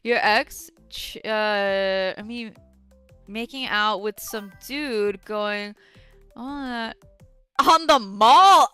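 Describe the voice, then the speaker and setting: A woman's voice: medium pitch, very slow, sharp tone, faint music behind. A young woman from New York streaming and ranting to chat, swearing constantly and answering viewers with outrage. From New York City. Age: young adult. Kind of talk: casual livestream chat.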